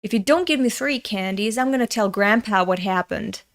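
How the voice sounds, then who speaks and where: A woman's voice: mid-range voice, normal speed, close to an everyday voice. A woman voicing a whiny five-year-old boy who is crying and bargaining. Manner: whiny, sulky pleading.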